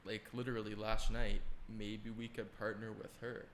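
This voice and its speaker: A young man co-hosting a podcast, chatting in a relaxed, rambling way with plenty of fillers. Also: fairly low pitch, normal speed, reverberant, slight background noise. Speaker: podcast co-host. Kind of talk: casual chat.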